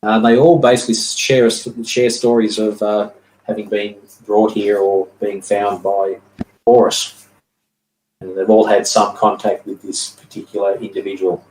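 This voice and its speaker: A man narrating as game master of a tabletop game, halting and filling pauses with ums and uhs. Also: fairly low pitch, flat delivery, darkish tone, distant mic, a little hiss or hum. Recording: echoey room.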